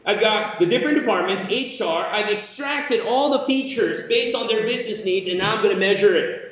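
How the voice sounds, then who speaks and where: Energetic male keynote speaker from the Philippines, bright high voice, echoey lo-fi hall sound. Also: a little fast. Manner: energetic, jokey, asks the audience questions. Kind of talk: conference keynote talk. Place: large conference hall.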